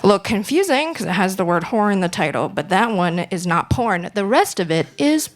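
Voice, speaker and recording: A young woman performing a stand-up comedy set, telling a story playfully and breaking into sudden high squeals for effect. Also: sing-song, moderate pace.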